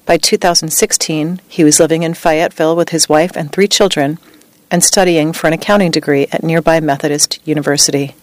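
A woman reading a true story as scripted narration, with a measured, even delivery. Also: low-pitched, dry recording.

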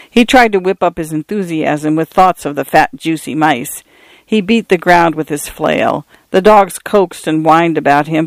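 A man reading a novel aloud as an audiobook narrator, measured storytelling with slight tone shifts for characters. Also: fairly high pitch, creaky, dry recording.

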